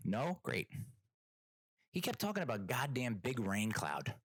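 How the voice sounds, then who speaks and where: A man's voice: medium pitch, sing-song, moderate pace, a bit bright, slightly rough, no echo. A man hosting a solo comedic podcast, telling a rambling, self-deprecating story with exasperated asides. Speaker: podcast host.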